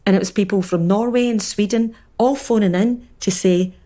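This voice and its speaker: Scottish woman podcast co-host, lively storyteller, mid voice. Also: mid-range voice, moderate pace. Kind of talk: casual chat.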